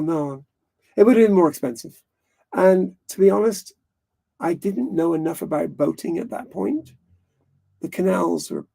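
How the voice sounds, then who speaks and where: A man's voice: on the high side, gravelly, dark tone. A man hosting a live stream, talking casually and rambling frankly, swearing now and then.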